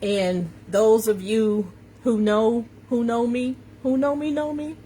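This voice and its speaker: A woman hosts a motivational live stream with a slight New York accent. She talks slowly and emphatically in a somewhat high voice, repeating phrases like a preacher and calling out viewers by name. Faint background noise runs under her voice. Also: fairly even intonation, dark tone. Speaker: confidence coach hosting a live stream. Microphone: phone or webcam on a social media live video.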